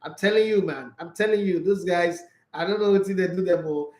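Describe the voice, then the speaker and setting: A Nigerian man with a high voice hosts his own livestream, talking sports casually, a little fast, animated and laughing often as he switches between Pidgin and English. The echoey sound suggests a bare room.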